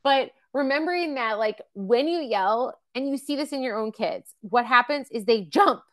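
This parenting webcast host, a woman in her thirties or forties, talks at normal speed in an expressive voice that's on the high side and fairly bright. Her casual teaching is chatty, loaded with fillers and acted-out examples.

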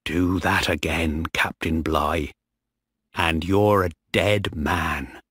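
A man voicing a male sailor who makes a quiet threat in a storybook reading. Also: low voice, steady tone, slow pace, breathy edge, no room sound, clean studio sound, voice pushed down, exaggerated voice. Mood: menacing.

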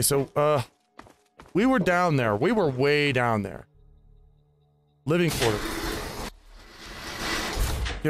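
A man giving casual, rambling commentary on his own gameplay, chatting aloud to the enemies he fights. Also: mid-range voice. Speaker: gaming host.

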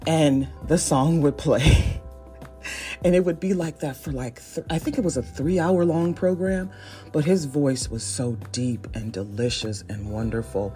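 A woman's voice: a bass voice, a little slow, mellow, faint music behind. A woman in her forties from Northeast Ohio, chatting on her solo podcast in a chatty, self-deprecating way and laughing often. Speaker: podcast host. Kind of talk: casual solo podcast monologue.

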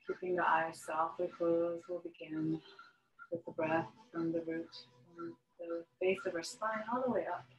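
A woman yoga teacher leading a guided meditation, giving soft, slow, soothing instructions with long pauses. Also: fairly low pitch, little pitch movement, dull audio, faint music behind.

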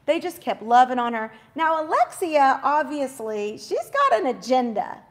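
A high-pitched woman in her forties hosts a faith talk show and tells a personal story. She talks in a chatty, relaxed devotional style, throwing in quick asides and self-corrections.

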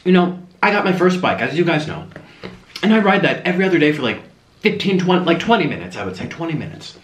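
A man's voice: a little high, big pitch swings, fast talker, fairly bright tone, a little hiss or hum. Chatty young man in a roomy echo. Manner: rambling, chatty, talking between bites. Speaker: mukbang host. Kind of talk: casual chat while eating on camera.

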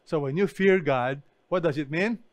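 A man's voice: on the high side, moderate pace, dry recording. A man preaching an online sermon as pastor, emphatic and often asking his listeners questions. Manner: emphatic, asks the congregation questions.

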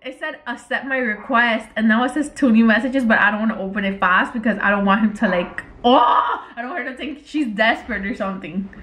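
A pregnant woman vlogging in casual chat, exasperated and expressive, with lots of fillers and swearing. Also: fairly high pitch, a little fast, hardly any pauses, echoey room, slight background noise. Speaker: vlogger, prank channel co-host. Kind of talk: casual vlog chat while texting.

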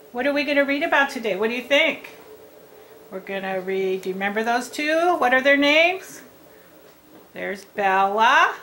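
A woman teaching young children to read, speaking in a clear, sing-song teacher voice. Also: high-pitched, a bit bright, slight background noise, rough recording. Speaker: reading teacher. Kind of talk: children's reading lesson.

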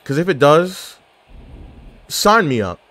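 A man's voice: a little high, slow pace, no room sound. A man giving casual gameplay commentary, joking and trash-talking opponents. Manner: trash-talking, jokey, excitable outbursts. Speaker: gaming YouTuber.

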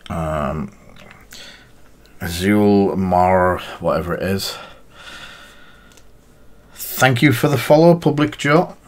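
A man's voice: mid-range voice, very animated, slow pace, long pauses. A man chatting casually on a live stream while painting miniatures, thinking aloud in a rambling, half-mumbled way.

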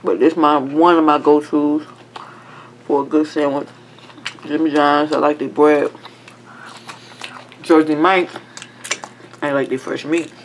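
A woman's voice: low-pitched, little pitch movement, a little slow, pauses often, a little hiss or hum. A woman hosting a mukbang, chatting casually while chewing and humming as she eats. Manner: talks while chewing, lots of hums of enjoyment. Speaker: mukbang host. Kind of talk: casual eating chat.

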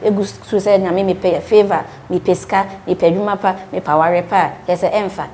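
A woman's voice: fairly low pitch, steady tone, brisk, dark tone, a little hiss or hum. A woman from Ghana, an interviewer asking long, searching questions about faith.

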